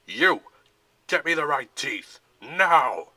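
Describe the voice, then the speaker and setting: A man's voice: lowish voice, unhurried, sharp tone, dry recording. A man voicing a tall, commanding, short-tempered general who growls and roars orders, in a storybook-style Lego fan film. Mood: furious roaring.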